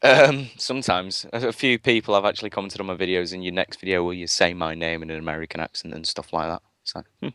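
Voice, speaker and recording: Guy chatting on a game stream, deep voice, lots of ums and restarts. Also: steady tone, quick pace, few pauses, a bit bright, clean tone, dry recording. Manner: rambling, chatty, many fillers and restarts. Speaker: guest gamer. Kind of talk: casual live-stream chat.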